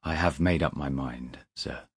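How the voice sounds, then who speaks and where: A man voicing a troubled railway signalman who speaks low and grave, close to a whisper. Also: a little slow, slightly rough, dry recording, heavily acted. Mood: hushed. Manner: low, hushed, grave delivery. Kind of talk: audiobook character reading.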